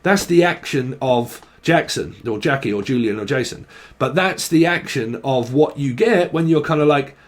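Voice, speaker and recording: Guy doing a tarot reading, rambly, swears a lot, mid-pitch voice. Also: animated, normal speed. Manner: rambling and sweary, thinking aloud. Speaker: tarot reader. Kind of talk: casual channelled tarot reading.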